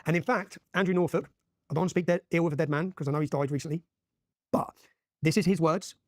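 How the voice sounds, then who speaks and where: A man in his forties with an English accent, pouring out his account at a breakneck pace. His voice sits somewhat high for a man and stays emphatic throughout, with frequent "yeah?" tags. The sound is close and dry. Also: quick pace, no room sound. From England. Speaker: interview guest. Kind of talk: impassioned storytelling in a podcast interview.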